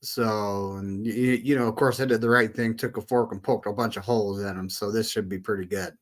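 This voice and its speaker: A man's voice: on the low side, steady tone, brisk. A man co-hosting a casual sports fan show, talking in an easygoing way with a few stumbles. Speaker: podcast co-host.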